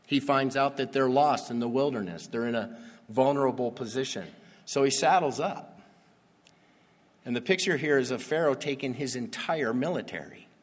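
Preaching man in a reverberant hall. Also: mid-range voice. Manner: conversational Bible teaching, reads verses then explains with rising emphasis. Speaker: pastor. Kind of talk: sermon. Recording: long reverb of a large hall.

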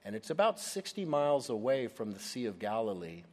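A man's voice: medium pitch, sing-song, fairly quick, darkish tone, long reverb tail. A man preaching a Bible study sermon, leaning hard on key words for emphasis. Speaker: pastor.

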